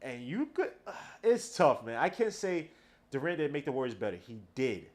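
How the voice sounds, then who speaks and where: A man's voice: mid-range voice, very animated, moderate pace. A man hosting a casual game watch-along podcast, talking loosely with slang and trash talk. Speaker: podcast host.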